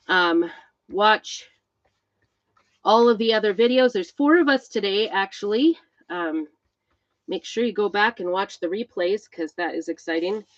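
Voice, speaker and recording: A woman's voice: mid-range voice, no echo. A middle-aged woman hosting a live crafting stream, chatting casually with viewers, greeting them by name, with lots of fillers and a slightly breathless delivery. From Idaho, USA. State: a bit out of breath. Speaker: crafting livestream host. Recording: dull, slightly lo-fi sound.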